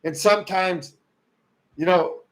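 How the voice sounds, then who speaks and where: A man hosting a livestream, ranting about politics in a heated way, swinging from loud outbursts to low muttering. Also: takes it slowly, low-quality recording. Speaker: livestream host. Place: rural home.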